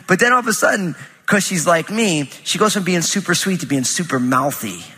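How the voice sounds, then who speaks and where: A man's voice: high-pitched, lively intonation, brisk, sharp tone, breathy edge. A man giving a sermon in a church, talking casually and telling funny family stories with lots of fillers. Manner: conversational, humorous storytelling with many fillers. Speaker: pastor. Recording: reverberant hall sound.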